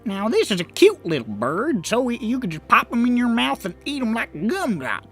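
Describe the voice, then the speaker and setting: A woman's voice: fairly high pitch, very animated, brisk, faint music behind, voice pushed up. A woman voicing a chatty male pet shop merchant with a drawling, folksy sales patter.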